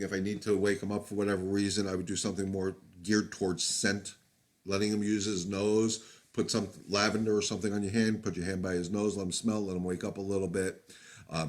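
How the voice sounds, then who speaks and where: A man's voice: on the low side, darkish tone. A man, a dog trainer, answering viewer questions on a live stream in a candid, plain-spoken way with many fillers and restarts. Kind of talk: live-stream Q&A, casual advice.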